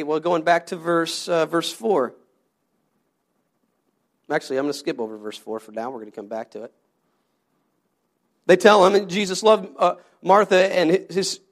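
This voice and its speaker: A male pastor with a high voice delivers a conversational sermon, putting questions to the congregation and frequently repeating his words.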